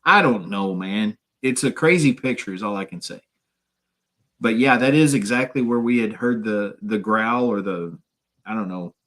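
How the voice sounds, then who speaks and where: A man's voice: on the low side, normal speed, a bit bright. A man with a Midwestern American accent chatting casually as a guest on a paranormal radio show, rambling with lots of fillers and restarts.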